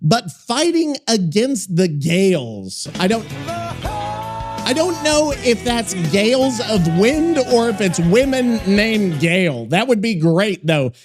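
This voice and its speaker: Male podcast host: slow, high and animated, sidetracked and sweary. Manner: joking, profane, easily sidetracked. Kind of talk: casual rambling podcast talk. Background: music and sound effects he plays.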